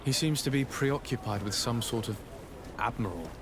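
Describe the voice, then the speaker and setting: A man's voice: medium pitch, animated, normal speed, lightly acted. An actor playing a wry young nobleman, the governor's cousin, with a dry, understated delivery. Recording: game audio with loud ambient noise.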